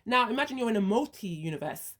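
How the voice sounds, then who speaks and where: A woman's voice: a little high, big pitch swings, fast talker, fairly bright tone. A woman speaking her views in an earnest monologue, walking through a hypothetical first-person story step by step. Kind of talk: reflective monologue.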